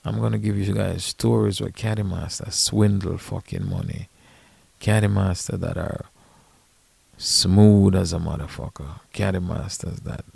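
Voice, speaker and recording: A caddy and podcast host telling stories in a blunt, profane, emphatic casual rant. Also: male voice, low voice, vocal fry, a little mellow, breathy edge, no echo.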